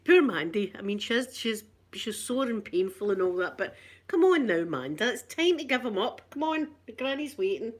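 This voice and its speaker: A woman's voice: on the high side, sing-song, normal speed. Chatty Scottish woman, middle-aged. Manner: chatty, laughs often, repeats herself. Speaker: channel host. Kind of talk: casual live-stream chat.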